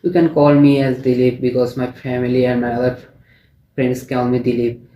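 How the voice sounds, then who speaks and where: A young man with a Bangladeshi accent answering a mock speaking exam, halting and often restarting his phrases. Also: mid-range voice, little pitch movement, mellow, lo-fi sound. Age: young adult. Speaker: test candidate. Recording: echoey room with faint noise.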